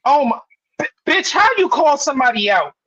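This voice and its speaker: Male co-host, bright husky voice, excitable profane rants, dull lo-fi sound. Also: very high-pitched, brisk. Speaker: podcast co-host. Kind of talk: casual banter.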